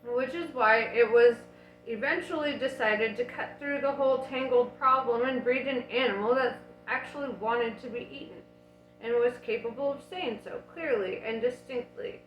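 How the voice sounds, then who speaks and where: A woman's voice: on the high side, moderate pace, echoey room, lo-fi sound, soft background music, lightly acted. A woman voicing a polite, eager male cow-like creature that offers itself as a meal, speaking contentedly. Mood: explaining. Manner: contented, courteous, mooing.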